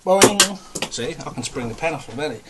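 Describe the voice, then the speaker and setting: A man's voice: mid-range voice, quick pace, very noisy. Chatty man ranting, winded. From England. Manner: ranting, self-mocking, chatty. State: out of breath. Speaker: vlogger. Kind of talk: casual rambling vlog.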